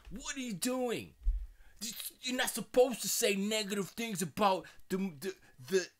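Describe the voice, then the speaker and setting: A man playing a flustered male executive scolding a colleague in a shrill, high voice. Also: moderate pace, fairly bright tone. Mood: alarmed.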